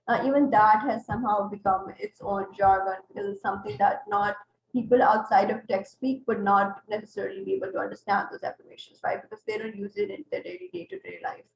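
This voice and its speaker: A woman teaching an online class, explaining step by step and checking in with her students. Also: medium pitch. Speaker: English tutor. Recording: roomy, dull lo-fi online class audio.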